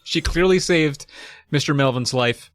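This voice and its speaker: A man's voice: fairly high pitch, measured pace, no echo, studio quality. A man co-hosting a podcast, casually recapping a children's book, swearing and acting out the characters. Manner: laid-back, swears, acts out characters. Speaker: podcast co-host.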